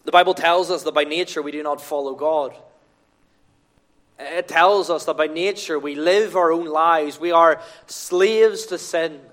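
A man's voice: on the high side, unhurried, a bit bright. A man preaching a sermon at a baptism service in church, earnest and emphatic, repeating his key phrases. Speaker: pastor.

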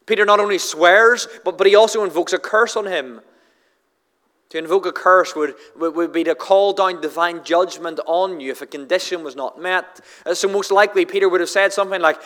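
A man's voice: a little high, moderate pace, a bit bright. A man with a Northern Irish accent preaching a sermon, often stumbling over repeated words as he starts a sentence and acting out the quoted lines. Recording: long hall reverb.

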